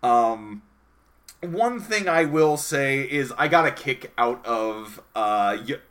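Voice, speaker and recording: A man's voice: mid-range voice, expressive, slow pace, fairly bright tone. A man co-hosting a casual review podcast, talking in a rambling, hesitant way with many fillers. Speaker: podcast co-host. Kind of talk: casual anime review chat.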